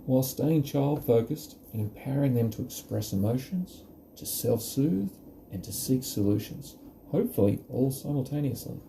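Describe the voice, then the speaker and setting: Calm man with a gravelly, dark voice. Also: medium pitch, slight background noise. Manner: calm, gentle and reassuring, modelling phrases aloud. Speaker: parenting educator. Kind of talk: talk on parenting advice.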